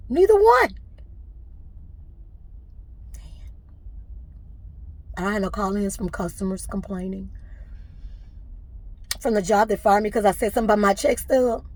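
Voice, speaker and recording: A woman's voice: medium pitch, a little fast, darkish tone, dry recording. A middle-aged woman, venting to camera with emotion and fighting back tears. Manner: tearful, fighting back crying. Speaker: vlogger.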